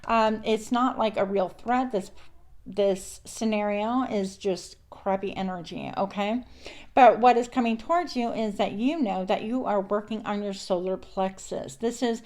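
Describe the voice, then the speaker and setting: A woman talks through a tarot reading in a loose, chatty way. She wanders between the cards and spiritual encouragement, often checking in with an "okay?" Her voice sits at an ordinary middle pitch. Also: measured pace, a little mellow. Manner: chatty, meandering, spiritual affirmations. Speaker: tarot card reader. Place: indoors at a counter.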